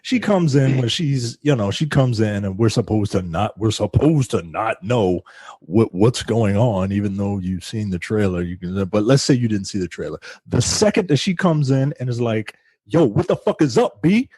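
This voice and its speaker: Husky emphatic man reviewing a movie. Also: lowish voice, animated, normal speed, darkish tone, no echo. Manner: emphatic, profane, acts out quotes. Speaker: podcast co-host. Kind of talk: casual review chat.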